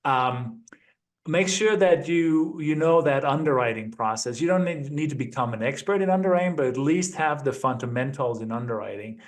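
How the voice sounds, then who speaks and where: Measured middle-pitched man in his fifties. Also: animated. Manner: measured, peppers speech with "right?" and "you know". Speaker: interview guest. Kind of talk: interview conversation.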